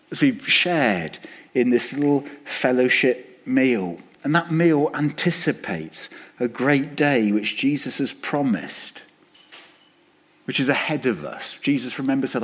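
A man preaching a sermon as pastor, conversational and lively, acting out quotes as he speaks. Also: medium pitch, slightly rough.

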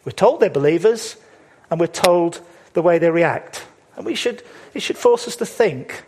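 Husky, higher-pitched man preaching emphatically. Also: animated, a little mellow. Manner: emphatic, rhetorical questions, slows for stress. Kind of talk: sermon.

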